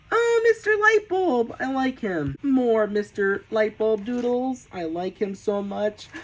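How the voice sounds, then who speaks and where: A man casually flipping through his sketchbooks on a vlog, gasping and gushing with excited exclamations. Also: on the high side, slight background noise, low-quality recording. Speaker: artist showing his sketchbooks.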